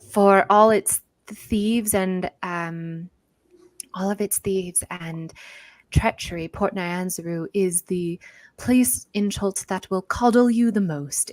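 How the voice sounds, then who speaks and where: A woman voicing a grave female jungle guide who speaks with a slight lilt, measured and solemn. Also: on the low side, no room sound.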